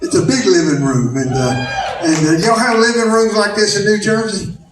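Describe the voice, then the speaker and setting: A man's voice: high-pitched, normal speed, background noise. A middle-aged man from the American South with a Southern accent, telling rambling, folksy stories on stage as a stand-up comedian. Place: large theater stage with live audience. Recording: echoey hall recorded from a distance.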